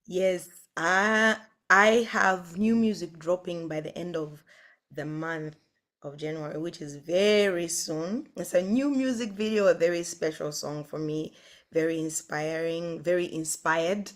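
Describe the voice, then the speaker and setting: A woman's voice: on the low side, steady tone, unhurried, fairly bright tone. A woman from Zambia, a guest singer chatting earnestly on a video call, with nervous giggles. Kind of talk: casual chat on a video call.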